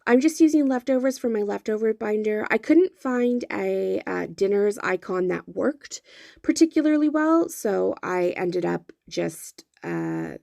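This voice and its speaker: Gravelly-voiced woman narrating her planner. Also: medium pitch, darkish tone, no room sound, clean studio sound. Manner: chatty, many fillers and self-corrections. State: has the hiccups. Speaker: planner vlogger. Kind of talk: voice-over narration of a planner spread.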